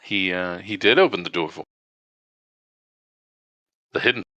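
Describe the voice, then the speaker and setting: A man serves as game master, narrating scenes in a halting, stop-and-start way. His voice is bright and forward, recorded close and dry with almost no room sound. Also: deep voice, no echo, highs cut off.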